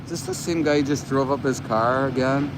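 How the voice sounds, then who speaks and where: A man's voice: medium pitch, brisk, background noise. A middle-aged man doing livestream commentary outdoors, blunt, profane and indignant. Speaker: animal rights activist, livestreamer. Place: outdoors by a roadside.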